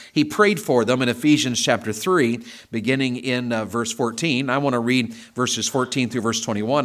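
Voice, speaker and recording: A man's voice: medium pitch, a bit bright. A man with a Southern American accent preaching a sermon in church, asking his congregation questions and rising into emphatic bursts. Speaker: pastor.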